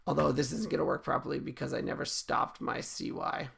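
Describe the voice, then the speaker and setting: A man talks fairly quickly in a gravelly mid-range voice against a noisy background, with keyboard typing and clicks audible. Streaming himself teaching game coding, he stays relaxed and chatty with viewers, thinking aloud and repeatedly correcting himself partway through sentences.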